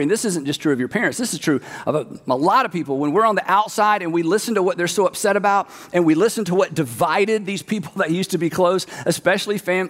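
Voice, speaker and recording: A man with a high voice preaches a sermon, animated and conversational, slipping into the voices of the people he describes. His words ring out with a long echo, like a big hall. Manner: animated, acts out quoted voices. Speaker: pastor.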